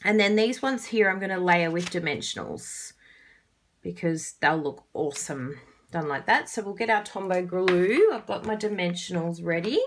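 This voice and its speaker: A woman's voice: on the low side, animated, moderate pace, slight background noise. A woman with an Australian accent giving a chatty, casual card-making tutorial, laughing often.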